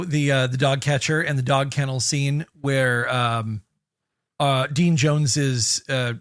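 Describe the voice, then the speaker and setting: A man co-hosting a podcast, chatting casually about an old movie and slipping into quick goofy impressions. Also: mid-range voice, a bit bright, no room sound, clean studio sound. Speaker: podcast co-host. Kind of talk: casual movie-review chat.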